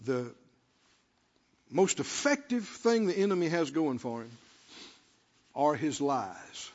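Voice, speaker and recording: Male preacher, high and fervent, muffled recording with long church echo. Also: big pitch swings, slow. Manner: calls out to the congregation, rising to shouts. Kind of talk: sermon.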